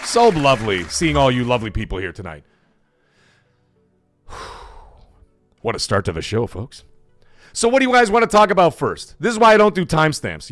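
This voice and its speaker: Man hosting a live gaming show, excitable and animated, faint music underneath. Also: fairly high pitch, no room sound. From Canada. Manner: energetic, hyped, reads chat messages aloud. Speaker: livestream host. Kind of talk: casual livestream chat.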